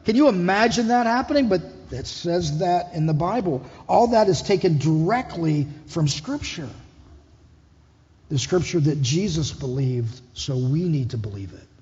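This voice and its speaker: A man's voice: on the high side, expressive, measured pace, darkish tone. A man preaching a conversational sermon as lead pastor, putting questions to the congregation. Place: church hall. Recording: dull echoey hall.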